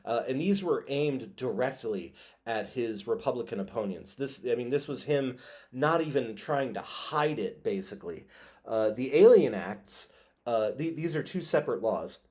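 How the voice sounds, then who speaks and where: A man's voice: mid-range voice, a little mellow. A man giving a recorded history lecture in a conversational way, with frequent filler words and small self-corrections. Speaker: history teacher.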